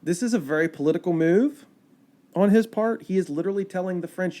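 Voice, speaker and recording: A man narrates history as a podcast guest, lively and conversational, with plenty of fillers. His voice sits a bit high yet sounds mellow and relaxed. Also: a little fast. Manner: animated, chatty storyteller with fillers and quoted asides. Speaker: park ranger guest. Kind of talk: casual storytelling of history.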